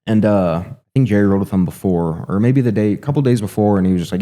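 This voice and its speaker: A man with a low, dark-toned voice tells a story at a rapid clip. His talk is loose and profane, full of fillers like "you know" and "right". It sounds like an unscripted sit-down chat. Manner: fast, rambling, heavy swearing, filler "you know". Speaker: guest, MMA fighter.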